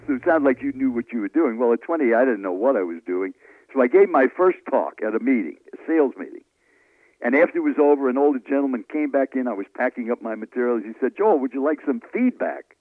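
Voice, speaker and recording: A man, a speaking coach telling animated stories in an interview. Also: medium pitch, fairly quick, no echo. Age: 70s. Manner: lively, animated storyteller acting out dialogue. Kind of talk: storytelling interview answers. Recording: tinny phone-line audio, dry.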